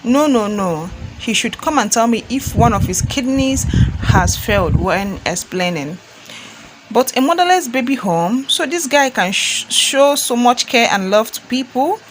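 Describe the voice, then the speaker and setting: A woman's voice: a little high, lively intonation, a little slow, slight background noise. Nigerian accent, young wife, cheeky, mocking, stubborn, read by a woman. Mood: sassy. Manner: sassy, mocking.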